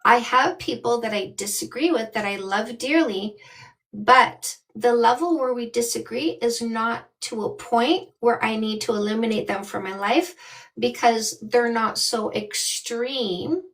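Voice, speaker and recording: A woman's voice: on the high side, a little slow, fairly bright tone, low-quality recording. A woman in her fifties from Canada, a dating coach giving blunt, emphatic advice on a live call. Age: 50s.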